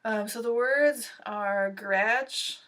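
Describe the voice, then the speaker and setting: A woman's voice: a little high, slow pace, fairly bright tone, distant mic. A young woman from Alberta, chatting to the camera at home in a rambling, self-deprecating way with many fillers. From Canada (Alberta). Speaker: vlogger. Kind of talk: casual chat to camera. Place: at home in front of a sofa.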